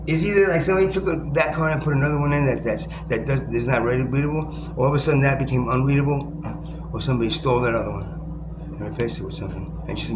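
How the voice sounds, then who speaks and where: A man's voice: mid-range voice, fast. A man talking in a rambling self-recorded monologue, restarting often, swearing and laughing as he puts on other people's voices. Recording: echoey room with loud ambient noise.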